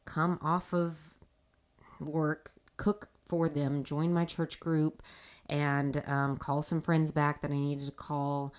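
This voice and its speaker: A woman hosting a casual faith talk show, telling a personal story in an animated way and laughing often. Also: low-pitched, slow. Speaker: podcast host.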